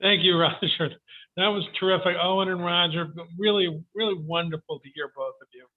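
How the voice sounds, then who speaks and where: A man's voice: sits high, fairly even intonation, brisk. An American man hosting a reading series on a video call, rambling and restarting as he moderates. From United States. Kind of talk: casual moderating chat. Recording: tinny phone-like video call audio.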